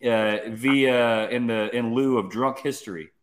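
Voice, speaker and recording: A man's voice: medium pitch, steady tone, measured pace, noisy background. A man guesting on a podcast, telling brash, joking stories and swearing freely. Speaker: guest, mountain bike video creator. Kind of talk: casual chat.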